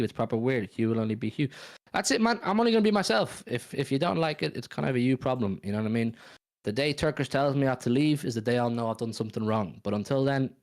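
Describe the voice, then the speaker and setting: Young manc guy hosting a late night stream, lively slangy shoutouts, middle pitch. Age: 20s. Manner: animated, slangy, shouting out viewers. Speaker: co-host. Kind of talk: late-night livestream chat.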